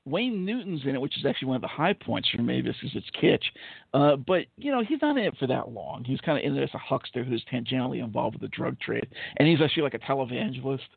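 A man's voice: medium pitch, lively intonation, quick pace, gravelly, breathy edge, no room sound. A man in casual, opinionated chat reviewing films, blunt and sarcastic, swearing freely and rambling with lots of fillers. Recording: tinny phone-like line, dry.

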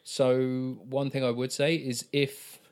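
Blunt, sweary podcast co-host. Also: male voice, mid-range voice, level tone, takes it slowly, a little mellow, clear, resonant tone. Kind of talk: casual podcast chat.

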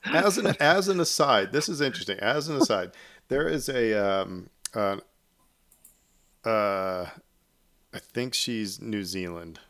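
A male podcast host chats casually and rambles, full of fillers and restarts. His fairly low voice is expressive and fairly bright, and he takes his time.

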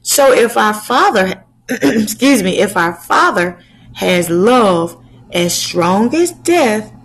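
Slow, breathy woman preaching. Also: mid-range voice, sing-song, poor audio. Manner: slow, drawn-out preaching with rhetorical questions. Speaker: channel host preacher. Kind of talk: sermon.

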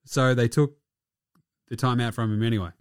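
A man's voice: mid-range voice, steady tone, normal speed, clean tone, no room sound, clean studio sound. A young Australian man giving a casual, profane and mocking recap of basketball games. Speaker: basketball commentator.

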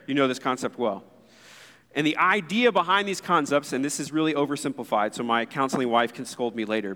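A man in his thirties preaches a sermon as pastor in a church sanctuary, speaking earnestly and conversationally with asides to the congregation. His voice is medium-pitched and a bit bright, and the recording carries the long reverb of a church hall.

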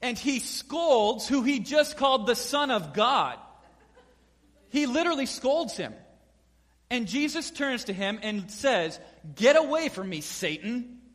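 A man preaches in a high, bright-edged voice, telling the story with lively energy and playing out each quote. His words ring with the long reverb of a large hall. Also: takes it slowly. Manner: animated storyteller acting out quotes. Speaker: pastor. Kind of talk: sermon.

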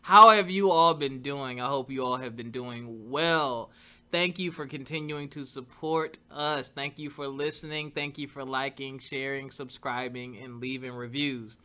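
A man's voice: mid-range voice, a little slow. A man hosting a podcast in a casual, upbeat, chatty way. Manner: lively, upbeat, chatty with laughs. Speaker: podcast host.

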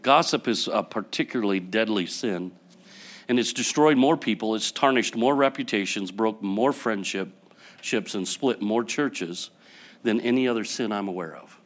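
A man preaching a sermon to his church, building up to loud passionate peaks and then dropping to quiet, soft passages. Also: fairly low pitch, moderate pace. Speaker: pastor.

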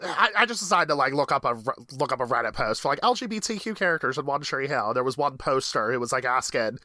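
A young woman co-hosting a casual rewatch podcast, talking in an animated, rambling way with lots of fillers. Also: sits low, quick pace, few pauses, dry recording. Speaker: podcast co-host.

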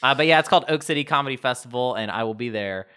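A young male stand-up comedian chatting loosely on a podcast, rambling and poking fun at himself between plenty of ums. His voice is bright and crisp. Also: mid-range voice, rapid-fire. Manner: rambling, self-deprecating, lots of fillers. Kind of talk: casual chat.

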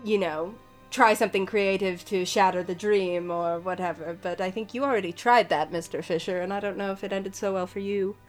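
A woman's voice: mid-range voice, fairly even intonation, fairly quick, faint music behind, lightly acted. A woman voicing a towering, graceful dream woman who is sweetly menacing, with a honeyed, condescending manner. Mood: coaxing.

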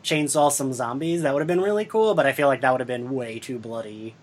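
A podcast host in casual fan chat, enthusiastic and giggly, quoting scenes in quick bursts and steering the talk. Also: medium pitch, a little hiss or hum.

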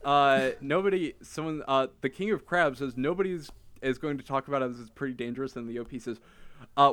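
Halting young man reading posts. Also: medium pitch, a bit bright, smooth. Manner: halting, many fillers and restarts. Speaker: podcast host. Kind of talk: casual podcast chat, reading online posts.

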